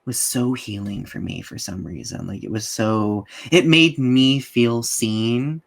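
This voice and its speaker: Man podcast host, warm and affirming, enthusiastic, mid-pitched. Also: slow pace, vocal fry. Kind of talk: casual interview.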